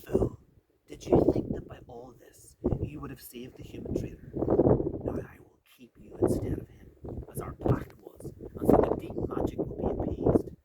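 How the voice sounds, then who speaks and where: A cruel witch queen, commanding and gloating, as a man puts her on during a live storytelling reading. The voice rises high and gravelly, heard from far off over loud outdoor noise. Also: very animated, moderate pace, full character voice. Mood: gloating whisper. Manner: commanding, then hushed and gloating.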